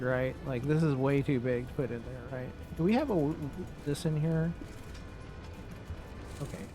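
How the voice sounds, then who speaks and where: A man giving casual let's-play commentary, relaxed and thinking aloud as he builds in a game. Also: on the high side. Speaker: gaming YouTuber.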